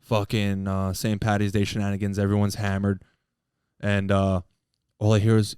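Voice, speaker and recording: A man's voice: fairly low pitch, monotone, normal speed, smooth, no echo, clean studio sound. A man co-hosting a casual podcast, telling a rowdy story with swearing. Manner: rowdy, swearing, shouts quotes. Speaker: podcast co-host.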